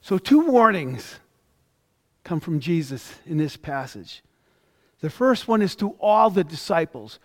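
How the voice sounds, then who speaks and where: A man's voice: a little high, big pitch swings, unhurried. A male pastor preaching a sermon, reading scripture aloud and stressing the quoted words. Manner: reads scripture aloud, with emphatic rises on quoted lines.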